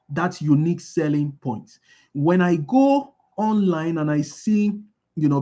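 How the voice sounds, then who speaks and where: A man delivers a motivational business talk, repeating key lines and using call-and-response questions so listeners fill in the answers. His voice is fairly high with a warm tone.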